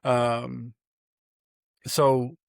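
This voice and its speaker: A man, a pastor co-hosting a podcast, talking in an earnest, folksy, animated way with frequent restarts. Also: mid-range voice, very slow, vocal fry, no echo, studio quality. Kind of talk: casual chat.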